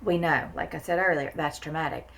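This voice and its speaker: Low-voiced lady on a podcast, blunt, emphatic, swears casually. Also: steady tone, brisk, vocal fry, fairly bright tone. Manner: emphatic, blunt, swears freely, repeats words for stress. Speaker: therapist guest.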